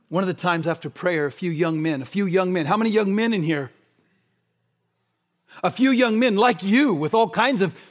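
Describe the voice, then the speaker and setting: A man preaching a sermon, shifting between fervent, shouted appeals and quiet, hushed stretches. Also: fairly high pitch. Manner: impassioned, swings from shouting to hushed.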